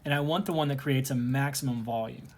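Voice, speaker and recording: Guy teaching calc at home, talks thru each step out loud, easygoing, normal voice. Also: medium pitch, fairly quick, a little hiss or hum. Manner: casual, talks through steps aloud. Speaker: math teacher. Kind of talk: recorded calculus lesson.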